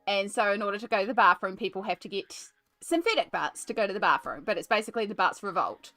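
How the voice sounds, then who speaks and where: A woman's voice: medium pitch, quick pace, sharp tone, dry recording. A woman with a New Zealand accent chatting and telling stories on a live stream while colouring, with frequent laughter. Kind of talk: casual chat while colouring.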